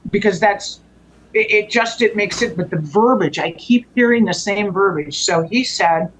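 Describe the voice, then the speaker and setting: A woman's voice: medium pitch, moderate pace, slight background noise, low-quality recording. A woman guest telling a personal story in a conversational way. She often stops and restarts her sentences and lets phrases trail off.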